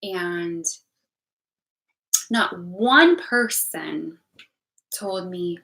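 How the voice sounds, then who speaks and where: Rambling bright-voiced young woman. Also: on the low side, animated, slow, creaky, slight background noise, low-quality recording. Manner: rambling, emotional, many restarts and repeated words. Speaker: vlogger. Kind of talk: candid personal vlog talk.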